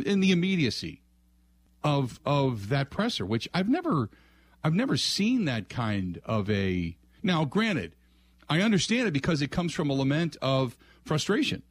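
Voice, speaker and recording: A man's voice: a little high, big pitch swings, slightly rough. A man hosting a sports call-in radio show, thinking aloud with frequent restarts and trailing phrases. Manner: musing, halting, many restarts.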